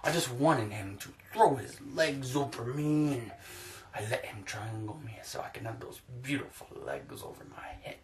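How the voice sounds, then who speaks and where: Man putting on a smug whiny male fighter, low mumbling mockery, slow drawl, sliding away from the mic. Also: natural voice. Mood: mocking.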